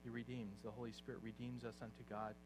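A man preaching a sermon, dropping to quiet, low asides and then rising into loud exhortation. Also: flat delivery, quick pace. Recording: faint mains hum behind.

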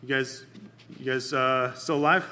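A man leading a Bible study in a casual, conversational sermon, often checking in with his listeners and pausing with fillers. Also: mid-range voice, steady tone, bright, forceful tone, big-room sound. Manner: halting, many fillers and restarts.

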